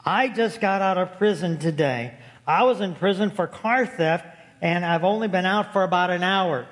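A man voicing a blunt biker who is just out of prison, speaking slowly and flatly. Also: high voice. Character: gruff ex-convict biker man. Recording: long hall reverb.

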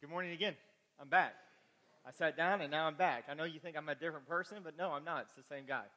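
A high, bright male voice preaches from the pulpit, mixing folksy jokes with earnest encouragement. His words ring out in a long, echoing church hall. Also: quick pace. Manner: folksy, joking asides to the congregation. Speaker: pastor. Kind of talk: sermon with announcements. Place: church sanctuary.

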